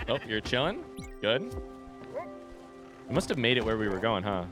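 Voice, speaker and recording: A man streaming a game live in a relaxed, rambling way, greeting chat and swearing casually. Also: medium pitch, moderate pace. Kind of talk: casual gaming livestream chat. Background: game music.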